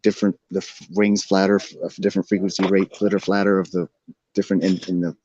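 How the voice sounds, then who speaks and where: A man's voice: level tone, fast talker, dark tone, no echo. A man in casual conversation, rambling from thought to thought and laughing often. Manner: rambling, meandering, laughs often, breaks into silly high sing-song. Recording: dull, dry lo-fi sound.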